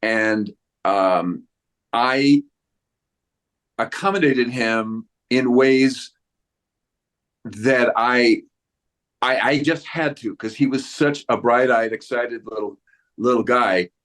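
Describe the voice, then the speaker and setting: A man's voice: mid-range voice, takes it slowly, pauses often, fairly bright tone. A man in his sixties, an actor giving a press interview, who rambles with many restarts and acts out quoted voices. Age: 60s. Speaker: actor guest.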